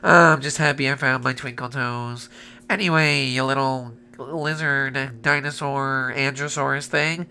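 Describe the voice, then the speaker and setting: A man's voice: medium pitch, fairly even intonation, a little slow, gravelly, sharp tone, slight background noise. A man playing in a Minecraft role-play comedy, with goofy, playful banter.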